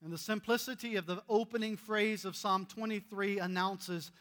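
A man preaching a sermon, telling stories earnestly and swinging between loud emphasis and hushed asides. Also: sits high, steady tone, moderate pace. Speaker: pastor.

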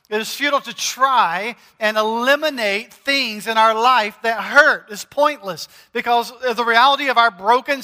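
A man preaches a sermon in a slow, deliberate way, pausing to press on key words. His voice sits high and sounds bright. A long reverb trails each phrase, as in a large church hall. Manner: measured preaching with emphatic pauses on key words. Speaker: pastor.

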